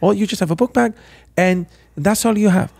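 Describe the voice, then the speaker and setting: A man voicing a sixty-year-old Italian bellhop who gives calm life advice in broken English with an Italian accent. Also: sits high, fairly quick, vocal fry, slightly rough, voice pushed up, heavily acted. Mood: wise, easygoing. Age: 60s.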